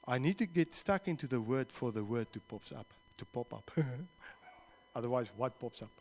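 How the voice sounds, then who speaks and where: A man's voice: medium pitch, lively intonation, moderate pace, a little hiss or hum. A man with a South African accent preaching a sermon in church and leading a closing prayer, speaking earnestly and acting out little conversations. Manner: earnest, acts out little dialogues, slips into Afrikaans phrases. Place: church service.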